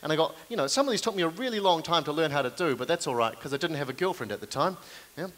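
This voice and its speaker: A young man with a New Zealand accent performs stand-up comedy on a live stage, with a slightly high voice. He keeps up a self-deprecating patter with deadpan asides to the crowd. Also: racing. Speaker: comedian and card manipulation performer. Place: live venue stage with audience.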